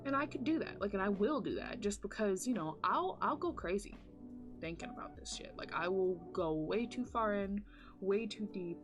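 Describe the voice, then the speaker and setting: A woman's voice: mid-range voice, lively intonation, moderate pace, music in the background. A woman vlogger telling a spooky story in casual chat while doing her makeup, full of "like" fillers and dramatic retelling.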